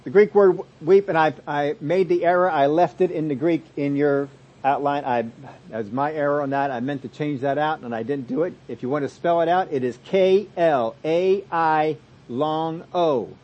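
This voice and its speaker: Male pastor preaching and teaching; fairly high voice, emphatic then hushed. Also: normal speed, dull audio. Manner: expository preaching, swings from loud emphasis to soft asides. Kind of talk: sermon.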